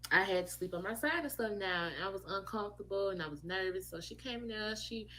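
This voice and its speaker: Woman, casual storyteller, mid-pitched, acts out quotes, faint hum behind. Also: fast talker, rough recording. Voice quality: animated, acts out quoted voices. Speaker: vlogger telling her own story.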